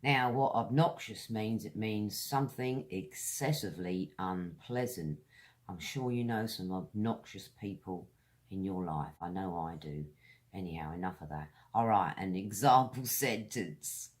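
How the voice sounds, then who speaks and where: A British woman leads a pronunciation lesson at an unhurried pace. She draws each word out slowly and clearly. She speaks straight to her viewers in a friendly, direct way. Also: rumbling low, darkish tone. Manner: slow, deliberate, drawn-out words. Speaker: English teacher.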